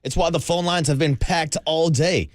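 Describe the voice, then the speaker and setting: A man's voice: on the high side, moderate pace, no echo, clean studio sound. Earnest young male radio co-host. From Bay Area. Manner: earnest, conversational, uses like often. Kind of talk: sports talk radio.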